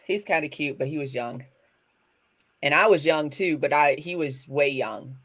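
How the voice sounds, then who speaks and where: A woman's voice: low voice, moderate pace. A middle-aged woman co-hosting a casual chat, rambling and correcting herself as she talks. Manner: chatty, rambling, self-correcting. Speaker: co-host.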